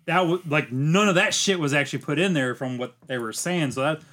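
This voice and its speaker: A man in a casual movie discussion, thoughtful and halting as he works through his points. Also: on the high side, fairly bright tone. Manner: thoughtful, halting, many fillers and restarts.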